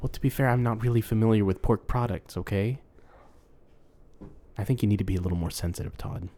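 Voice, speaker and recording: Guy doing a soap opera runaway, lowish voice, overwrought and pleading. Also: brisk, warm tone, close to an everyday voice. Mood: melodramatic. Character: melodramatic runaway man hiding from a syrup mob.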